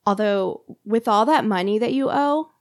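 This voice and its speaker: A woman's voice: mid-range voice, normal speed, dry recording, studio quality. Woman, podcast host, casual storytelling, chatty, fillers, mid-range voice. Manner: conversational, lots of "like" and fillers. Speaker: podcast host telling a true crime story.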